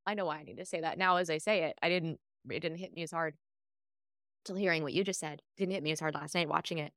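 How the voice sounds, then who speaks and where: A woman's voice: deep voice, quick pace, no room sound, studio quality. A woman co-hosting a podcast, telling stories in casual chat and acting out the dialogue. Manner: animated storyteller, acts out quoted dialogue. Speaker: podcast co-host.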